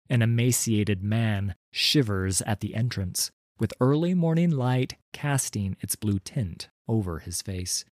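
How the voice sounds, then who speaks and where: A man narrating a fantasy story in a measured, atmospheric reading. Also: lowish voice, darkish tone, no echo, clean studio sound.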